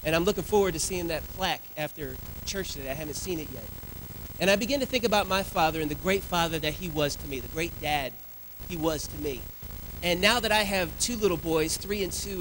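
Male preacher, thirties, high pitch, bright forceful tone, lively storytelling, church sermon. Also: slight background noise, poor audio. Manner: lively storytelling with family anecdotes. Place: church sanctuary.

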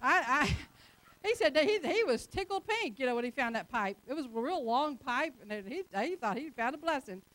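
A woman's voice: high voice, expressive, moderate pace, fairly bright tone. A woman preaching a sermon in an emphatic, conversational way, acting out quotes as she goes.

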